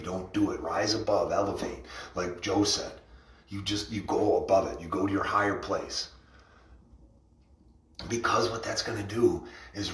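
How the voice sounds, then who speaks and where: Rambling, upbeat man talking far from the mic. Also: fairly low pitch. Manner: rambling, enthusiastic pep talk with laughs. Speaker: livestream host and rally organizer. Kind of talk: casual motivational livestream. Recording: echoey room, far from mic.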